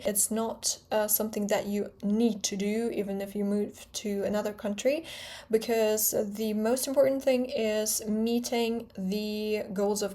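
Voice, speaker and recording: A woman's voice: on the high side, darkish tone. Young Russian-born woman, British-tinged English. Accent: British English with a Russian background. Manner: chatty, candid, self-correcting. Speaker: language teacher and vlogger. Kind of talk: explanatory vlog lesson.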